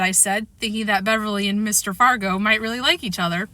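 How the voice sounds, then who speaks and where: A woman reading a children's chapter book aloud, expressive and animated. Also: medium pitch, fast. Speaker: reader. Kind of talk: storybook reading.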